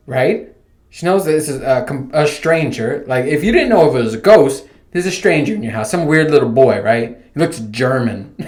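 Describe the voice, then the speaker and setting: Profane, joking young man. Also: mid-range voice. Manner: joking, profane, acts out loud imagined lines to a ghost boy. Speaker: podcast host. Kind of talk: casual solo commentary on a horror movie.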